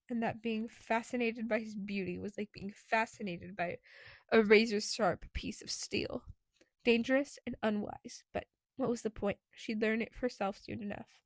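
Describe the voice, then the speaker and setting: A woman narrating an audiobook in a steady, clear reading voice. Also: mid-range voice, dry recording.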